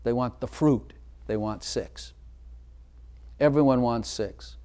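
A man's voice: medium pitch, slow, mellow. A man preaching a sermon in a church, emphatic and asking the congregation direct questions. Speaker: pastor.

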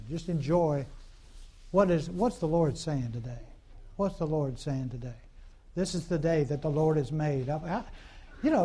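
A man's voice: a little high, warm tone. A man preaching a conversational sermon in a folksy, repetitive way, full of fillers and call-and-response asides.

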